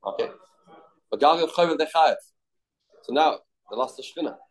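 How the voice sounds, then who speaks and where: A man's voice: lively intonation, moderate pace, poor audio. Man teaching a Talmud class. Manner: explains in English mixed with Aramaic and Hebrew quotes; acts out quoted voices with sudden pitch jumps.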